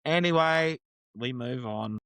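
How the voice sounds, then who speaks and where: A man's voice: mid-range voice, takes it slowly, a bit bright, clear, resonant tone, dry recording. An Australian man co-hosting a sports podcast, ranting and swearing about a rugby league game in casual chat. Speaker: podcast co-host. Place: studio.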